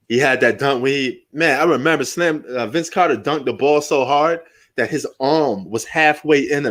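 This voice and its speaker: A man's voice: mid-range voice, fairly bright tone. Middle-aged man, profane live sports chatter. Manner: loose and profane, reminiscing and joking. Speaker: sports live-stream host. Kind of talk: casual live commentary.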